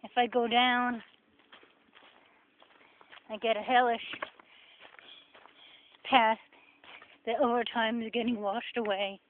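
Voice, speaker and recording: Speaking slowly in a fairly high, level voice with long pauses, a woman with a New Jersey accent rambles sarcastically while walking a forest path for her casual vlog. It's recorded with a tinny, phone-like sound and slight noise.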